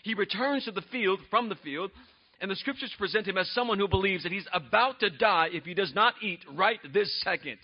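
A male pastor with a high, slightly rough voice preaches a sermon at a fairly quick pace, keeping it conversational and often putting questions to the congregation. The recording sounds muffled.

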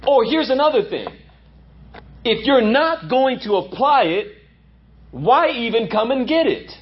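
High, lively emphatic male preacher. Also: measured pace, lo-fi sound. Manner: emphatic preaching, repeats lines for effect. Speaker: pastor. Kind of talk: sermon.

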